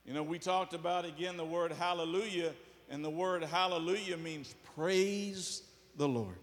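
Man, pastor, folksy sermon, high voice, long church reverb. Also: moderate pace. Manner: folksy preaching with asides and jokes.

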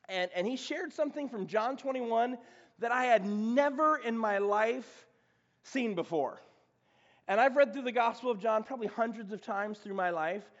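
A man preaching a sermon as pastor, talking in a conversational, animated way with frequent restarts. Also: sits high. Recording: dull lo-fi sound in reverberant hall.

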